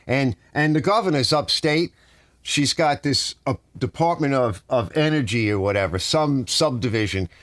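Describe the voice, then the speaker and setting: A middle-aged man chats on his live stream from a home garage, rambling and ranting as he answers viewers. His pitch jumps around a lot, and the sound is close and dry. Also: a bit bright, dry recording. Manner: rambling, ranting, reading out chat.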